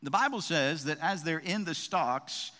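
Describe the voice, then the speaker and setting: A man's voice: on the high side, animated, unhurried, bright, forceful tone. A man preaching a sermon as a pastor, in a conversational style with frequent "right?" asides and restarts. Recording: long reverb of a large hall.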